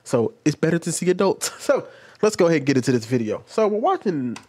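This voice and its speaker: Speaking fast in a sing-song, slightly mellow voice on the high side, a man hosts a relaxed reaction video. He's right up on his desk mic, rambling casually and restarting often.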